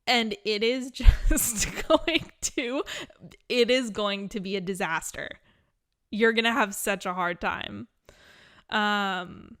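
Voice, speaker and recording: A woman's voice: mid-range voice, a little slow, pushed and bright, smooth. A woman teaching a spiritual class and answering questions in a blunt, candid way, laughing now and then. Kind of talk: live teaching with Q&A.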